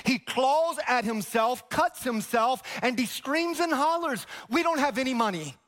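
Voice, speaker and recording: A man's voice: very high voice, animated, measured pace, fairly bright tone, full character voice. A pastor voicing a desperate, poor woman pleading over her suffering husband, in a distressed manner. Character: desperate poor wife of a possessed man.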